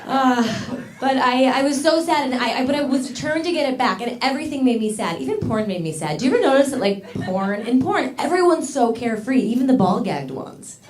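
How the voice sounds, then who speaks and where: A woman's voice: sits high, lively intonation, brisk, few pauses, a crowd in the background. Woman doing stand-up in a roomy club. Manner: candid, self-mocking, laughs through her punchlines. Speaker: stand-up comedian. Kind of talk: stand-up comedy set. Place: comedy club stage with a live audience. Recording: roomy club sound with audience.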